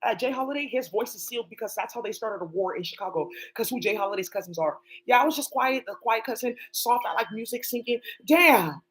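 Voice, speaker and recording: A woman's voice: fairly high pitch, lively intonation, a little fast, hardly any pauses, a bit bright, poor audio. A woman talking alone on a livestream, rambling and swearing as she jumps from one topic to the next. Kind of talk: rambling solo livestream talk.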